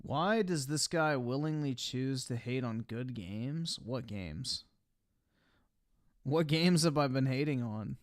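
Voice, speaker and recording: A man's voice: mid-range voice, animated, takes it slowly. A man giving casual live-stream commentary as he reacts to videos, with blunt, profane, offhand opinions.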